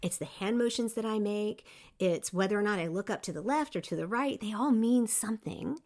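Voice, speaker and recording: A middle-aged woman hosting a leadership podcast, giving an emphatic, lively motivational talk with frequent restarts. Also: mid-range voice, fairly quick. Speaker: podcast host. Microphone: seen on video, single speaker.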